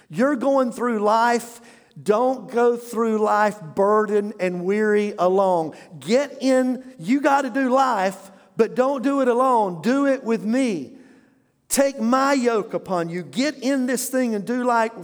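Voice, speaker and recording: Pastor guy preaching, kinda high voice, asks the crowd to say words back, long echo in the church. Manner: preaching with call-and-response prompts. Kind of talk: sermon. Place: church sanctuary. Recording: long hall reverb.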